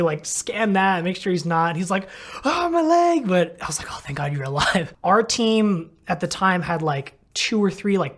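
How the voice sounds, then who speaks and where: Speaking high with a slightly bright tone, a male physical therapist casually recounts a story. He rambles, leans heavily on "like," and performs his own inner thoughts.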